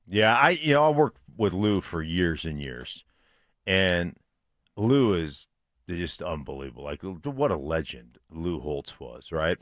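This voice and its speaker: A man with a fairly low voice tells a story on a sports radio morning show. He talks casually and animatedly, with a close, dry studio sound. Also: takes it slowly, dry recording. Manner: animated storyteller, loud put-on shouts.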